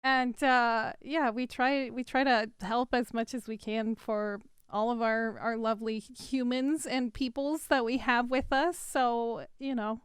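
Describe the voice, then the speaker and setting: A woman's voice: on the high side, fairly even intonation, a little slow, hardly any pauses, clear, resonant tone, no echo, studio quality. A woman hosting a casual interview, bubbly and playful, laughing often. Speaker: interview host.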